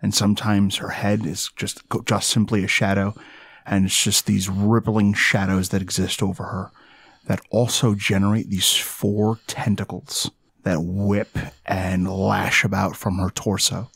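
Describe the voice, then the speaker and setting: A man with a fairly low voice narrates a tabletop horror game as its game master, slow and deliberate in his descriptions. He is recorded close and dry on a podcast mic. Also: little pitch movement, vocal fry, a bit bright, breathy edge, no room sound.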